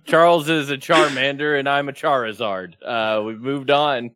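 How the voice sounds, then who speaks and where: Man, podcast guest, mid-pitch, dry close sound, tells stories animatedly. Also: moderate pace, no room sound. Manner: animated storytelling, acting out his own quotes. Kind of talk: casual chat. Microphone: remote, streaming in.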